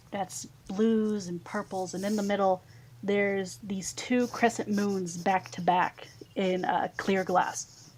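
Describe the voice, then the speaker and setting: A woman narrating a tabletop game as dungeon master, describing scenes at length with many filler pauses. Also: mid-range voice, a little hiss or hum.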